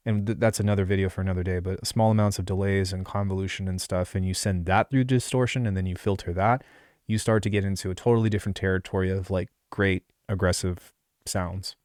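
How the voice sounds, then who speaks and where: His voice sits low, clean and darkish, with no echo from the close desk mic. He's giving a relaxed screen-recorded tutorial on music production, wandering off into asides and using many fillers.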